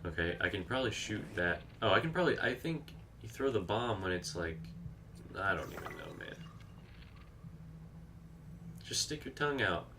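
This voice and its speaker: A man's voice: lowish voice, big pitch swings, moderate pace, long pauses, noisy background. A man streaming a video game, chatting casually, reacting aloud to the action and reading out viewer comments. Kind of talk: live gameplay commentary.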